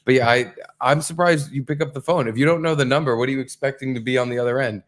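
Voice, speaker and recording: A man with a New York accent co-hosting a live comedy podcast, talking casually with lots of swearing and animated storytelling. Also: mid-range voice, fast. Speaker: podcast co-host. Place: live venue.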